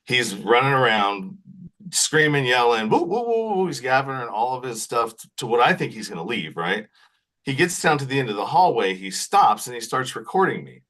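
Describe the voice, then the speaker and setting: Speaking at a moderate pace in a mid-range voice, a man appears as a podcast guest and tells an extended story in relaxed conversation. His delivery is animated, and "right?" pops up at the end of many sentences.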